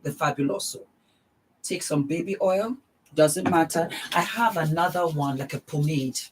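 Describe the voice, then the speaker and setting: A woman's voice: sits low, normal speed, background noise. A middle-aged woman vlogging a casual beauty product demonstration, gushing and exuberant, repeating her words of praise.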